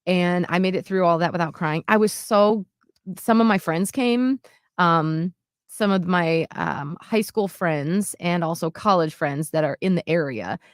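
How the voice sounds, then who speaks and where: A woman's voice: fairly low pitch, measured pace, dry recording, clean studio sound. A woman in her late thirties, co-hosting a podcast and telling a personal story in an earnest, heartfelt way, with many "like"s and restarts. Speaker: podcast co-host. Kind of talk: casual storytelling chat.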